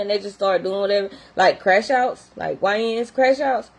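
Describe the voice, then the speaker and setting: A woman's voice: mid-range voice, lively intonation, normal speed, few pauses, husky, low-quality recording. A young adult woman who works in behavior therapy, talking casually and animatedly straight to her viewers. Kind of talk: casual talk to camera.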